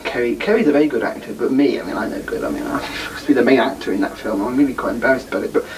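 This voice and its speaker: A man's voice: mid-range voice, expressive, rapid-fire, gravelly, recorded from a distance, low-quality recording. A man chats to his viewers in a rambling, self-deprecating way, full of ums and asides. He sits a bit back from the microphone, with faint hiss. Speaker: podcast host. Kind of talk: casual address to viewers.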